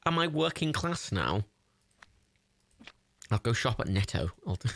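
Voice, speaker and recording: A man's voice: medium pitch, gravelly, a bit bright. A young man chatting casually while playing a building game, often confused, laughing and swearing. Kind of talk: casual gameplay chat.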